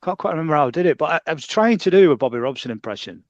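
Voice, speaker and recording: A man's voice: fairly high pitch, animated, rapid-fire, dry recording, highs cut off. A British man co-hosting a podcast, chatting casually and chipping in with jokes. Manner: jokey, chipping in with quips. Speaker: podcast co-host. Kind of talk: casual chat.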